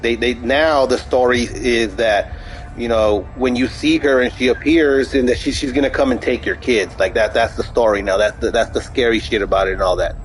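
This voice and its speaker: A young man talks casually while he plays a game, his voice sitting at an ordinary middle pitch. He rambles and swears freely, often restarting his sentences as he tells a story. A faint hum of noise sits under the voice. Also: fairly even intonation, moderate pace, low-quality recording. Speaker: gaming streamer. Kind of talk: casual chat over gameplay.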